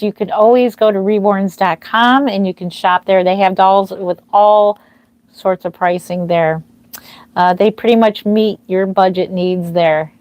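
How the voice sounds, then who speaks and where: Speaking in a mid-range voice with no echo, a reborn doll artist hosts a livestream from a home nursery. She wears a mic, talks with her viewers and thanks each by name, using lots of fillers, her throat a little dry.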